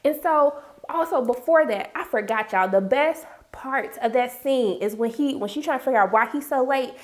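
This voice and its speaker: A woman reviewing a TV episode in a casual, animated, exasperated recap full of slang. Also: high-pitched, normal speed.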